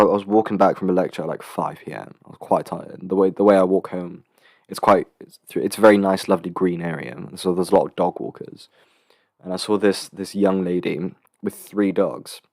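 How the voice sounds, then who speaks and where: A young man in his late teens from England, hosting a casual solo podcast in a rambling, swearing, animated storytelling way. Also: deep voice, normal speed, creaky, no room sound, clean studio sound. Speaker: podcast host. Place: student accommodation room.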